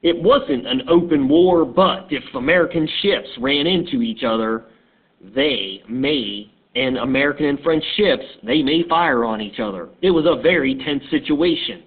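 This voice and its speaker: A man teaching history as a casual story, talking in a halting, conversational way, recorded on a tinny phone-like line. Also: mid-range voice.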